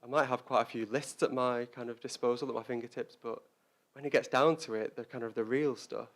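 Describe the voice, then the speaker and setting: Halting, reflective male Dharma teacher. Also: medium pitch, fairly even intonation, fairly bright tone. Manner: reflective, halting, repeats words while searching for them. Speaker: Buddhist teacher. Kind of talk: Dharma talk.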